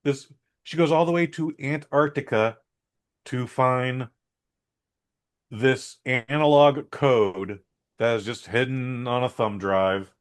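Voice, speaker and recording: A man's voice: mid-range voice, slow pace. Blunt, rambling male podcast co-host. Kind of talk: casual movie review.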